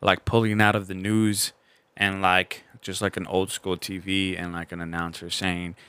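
A man's voice: low voice, little pitch movement, normal speed, bright, forceful tone, smooth. A young man co-hosting a podcast in casual chat, laid-back and swearing freely. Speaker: podcast co-host.

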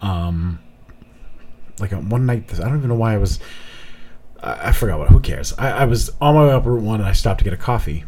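Low husky dude, jokey and swearing, voice jumps all over. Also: male voice, expressive, fairly quick, long pauses, a little mellow. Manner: joking, profane, emphatic. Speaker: podcast co-host. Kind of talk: casual chat.

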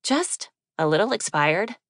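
A woman's voice: mid-range voice, big pitch swings, a little slow, a bit bright, dry recording, clean studio sound, exaggerated voice. A woman voicing a flustered, teary young woman graduate student who stammers and makes fun of herself. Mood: sheepish. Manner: stammering, self-deprecating. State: crying.

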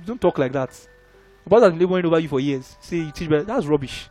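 A young man preaching a sermon in an animated, conversational way, often checking that listeners follow. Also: on the high side, very fast, faint music behind.

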